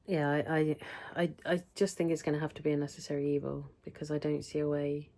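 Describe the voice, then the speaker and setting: A woman's voice: low voice, little pitch movement, fast, warm tone. A middle-aged British woman talking through a casual weekly health update vlog, rambling and chatty, often interrupting herself. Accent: British English. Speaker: vlogger.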